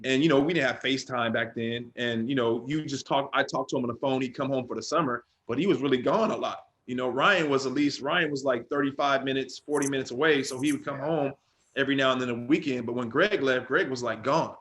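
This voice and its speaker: A man at a middle pitch tells stories from his football days, relaxed and loose in his phrasing. He grows animated as he talks, with a guest's casual ease. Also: fairly quick. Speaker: interview guest, former football player. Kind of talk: casual storytelling.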